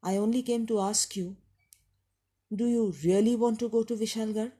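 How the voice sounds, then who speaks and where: A woman's voice: on the high side, fairly even intonation, moderate pace, dark tone, breathy edge. A woman voicing a timid, fearful old widow who pleads hesitantly. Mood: worried. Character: worried old widow landlady.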